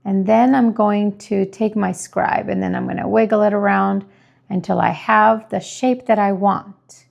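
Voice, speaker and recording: A woman calmly explaining each step of decorating a cookie with icing as she works. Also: medium pitch, unhurried, vocal fry, dull audio. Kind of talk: step-by-step tutorial narration.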